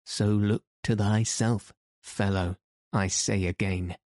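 A man plays a stubborn craftsman who won't be cowed and fires back defiant old-fashioned retorts. The voice is low and mellow, delivered slowly in a flat, even line, recorded close and dry. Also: no room sound. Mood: heated. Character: stubborn, fearless grown male tanner.

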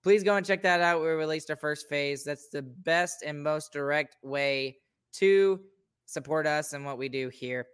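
Male podcast host, slightly high and smooth, upbeat casual sign-off. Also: measured pace, fairly bright tone. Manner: upbeat, pleading sign-off banter. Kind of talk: casual sports podcast chat.

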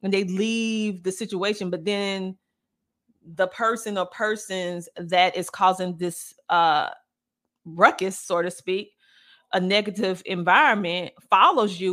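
A woman hosting a podcast with casual commentary, talking loud and animated and answering viewer comments. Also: medium pitch, unhurried. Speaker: podcast host.

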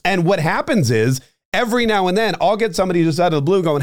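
A man's voice: high-pitched, expressive, fast. A man hosting a podcast, talking casually in a rambling monologue full of fillers and restarts. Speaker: podcast and radio host.

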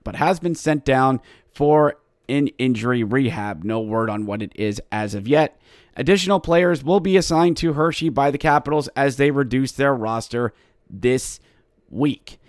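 A man's voice: mid-range voice, normal speed, dry recording, studio quality. A man hosting a casual hockey podcast, talking in a chatty, joking way with self-mocking asides. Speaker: podcast host.

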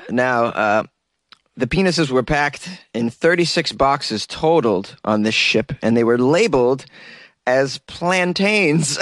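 A man's voice: a little high, no echo, clean studio sound. A man hosting a daily comedy podcast, riffing irreverently on strange news and laughing at his own jokes.

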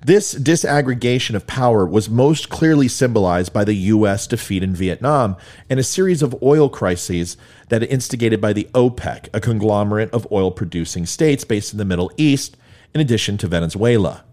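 A man's voice: lowish voice, animated, normal speed, a little mellow. A middle-aged man hosting a political commentary show, ranting in a heated, sarcastic, mocking way.

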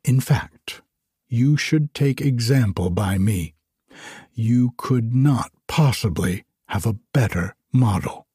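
A pompous, touchy firework rocket from a storybook, voiced by a man who sounds self-important and aggrieved. The voice is heavily breathy and slow. The sound is close and dry. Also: medium pitch, expressive, warm tone, no echo. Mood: haughty.

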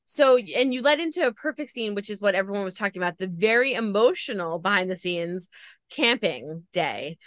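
A woman's voice: medium pitch, expressive, brisk, fairly bright tone, no echo. A woman podcast host gushing as she retells a story in a casual interview chat.

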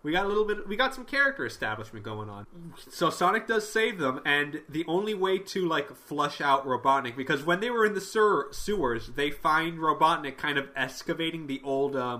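A podcast co-host with a fairly high, brisk voice recaps comic issues on a casual show, animatedly acting out the characters' lines with plenty of swearing.

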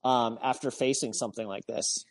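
A man's voice: medium pitch, steady tone, moderate pace. A man talking as a guest, earnest and reflective, often restarting and repeating his words. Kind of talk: reflective conversation.

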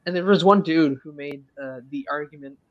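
An eighteen-year-old man, a native French speaker from Quebec, chats as a guest on a stream, his voice sitting a bit high for a man. He rambles, restarting sentences and filling gaps with "uh" and "like". The sound is close and dry, with no room around it. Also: a little fast, dry recording, dull audio. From Quebec, Canada. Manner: rambling, lots of fillers and restarts. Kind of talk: casual chat.

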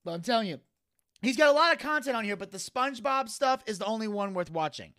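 Speaking fast in a voice that sits high, a male podcast co-host retells a funny video during a casual chat. He animates the story by acting out the voices and laughs a lot.

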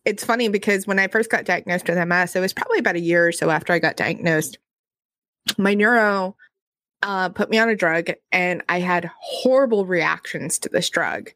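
A woman's voice: fairly low pitch, moderate pace, a bit bright, no echo. Woman hosting a podcast, talks frankly, cusses easy, dry close sound. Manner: frank storyteller, swears casually. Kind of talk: casual podcast chat.

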